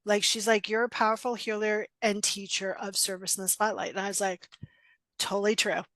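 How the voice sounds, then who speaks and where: Speaking briskly in a mid-range voice, a middle-aged female coach guesting on a casual podcast shares stories with blunt directness. There's no room sound; she acts out the lines she quotes, stays animated, and laughs a lot.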